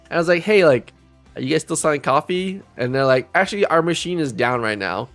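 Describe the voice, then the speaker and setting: Lively rambling young man telling a story. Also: a little high, a little fast, soft background music. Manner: rambling, self-interrupting, laughs often. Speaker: live streamer. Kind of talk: casual storytelling.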